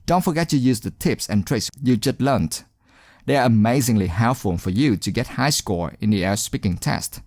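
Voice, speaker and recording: A male teacher narrates a speaking lesson with an animated, rising and falling voice. He sounds encouraging and deliberate and leans on key words. His voice is close and dry, with no room around it. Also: medium pitch, no room sound. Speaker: English exam teacher. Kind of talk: scripted instructional narration.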